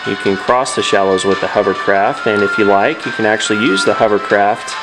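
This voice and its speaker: A man's voice: fairly low pitch, a little fast, loud music behind the voice. A man hosting a video game playthrough, reading the dialogue and adding casual asides. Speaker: let's play host. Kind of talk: let's play narration.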